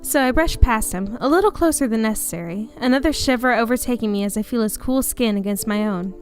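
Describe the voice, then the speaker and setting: A woman's voice: on the high side, a little fast, faint music behind. Chatty, giggly woman reading aloud. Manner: chatty, giggly, easily sidetracked. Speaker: let's play host reading a story game. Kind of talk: casual narration and chat. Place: home room.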